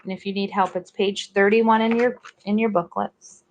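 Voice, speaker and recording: A woman teacher leading an online reading lesson for young children, sounding out letters clearly and praising her readers. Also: medium pitch, steady tone, moderate pace. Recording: dull lo-fi recording.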